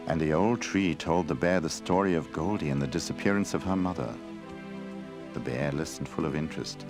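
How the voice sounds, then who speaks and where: A man giving scripted storybook narration in a gentle, expressive reading voice. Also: a bass voice, brisk. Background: faint music.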